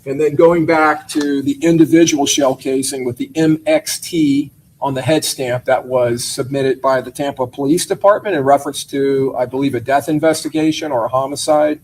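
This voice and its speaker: A man questioning a witness in a courtroom, asking measured, methodical questions with occasional hesitations. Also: medium pitch, steady tone, a little mellow, slight background noise, low-quality recording.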